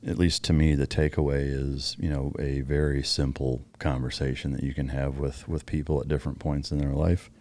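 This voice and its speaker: A man's voice: very deep voice, little pitch movement, normal speed, few pauses, warm tone, no echo. An American man hosting a podcast, talking casually, swearing freely and restarting his sentences. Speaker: podcast host. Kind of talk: casual interview.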